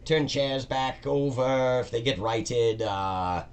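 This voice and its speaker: A man's voice: medium pitch, slow, clear, resonant tone, pitched above the performer's own voice. A man voicing a nervous, newly hired male dungeon cleaner who rambles hesitantly and apologizes a lot. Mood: rambling.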